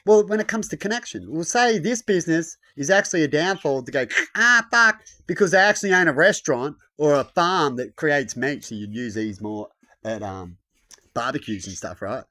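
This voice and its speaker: A man's voice: a little high, brisk. Rambling, swearing man. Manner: rambling, swears, acts out quoted voices loudly. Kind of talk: casual rambling rant.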